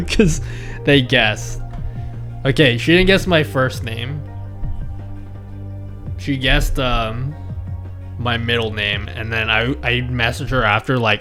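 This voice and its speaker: A man's voice: mid-range voice, slow, long pauses, a bit bright, soft background music. A man from the Philippines chatting casually on his stream, rambling, chuckling and answering his chat.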